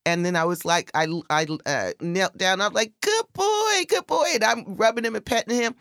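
A woman in casual podcast chat, telling a story and acting out the quoted voices with big jumps in pitch. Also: a little fast, a bit bright, no room sound, clean studio sound.

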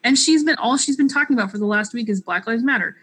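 A woman in casual conversation, animated, often acting out what others say. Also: a little high, quick pace, slightly rough. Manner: animated, quotes people in put-on voices.

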